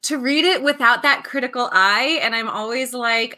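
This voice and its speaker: A woman's voice: on the high side, normal speed, few pauses, pushed and bright. A woman author in a friendly interview chat who asks questions and laughs easily. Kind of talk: conversational interview.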